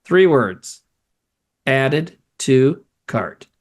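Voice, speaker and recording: A man's voice: mid-range voice, big pitch swings, extremely slow. A man co-hosting a casual trailer-review chat, rambling through his thoughts with lots of swearing and laughter. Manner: rambling, laughing, swears a lot, many fillers. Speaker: podcast co-host.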